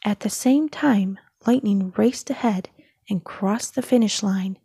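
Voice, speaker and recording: A woman reading a children's story aloud in a soft, often whispered narration. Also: mid-range voice, measured pace, vocal fry, slightly rough, no room sound, clean studio sound. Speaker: storybook reader.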